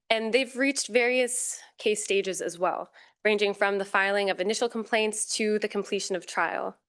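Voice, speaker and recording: Woman, conference panel speaker, formal academic presentation, clear resonant voice, middle pitch. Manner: formal, measured, with occasional fillers and self-corrections.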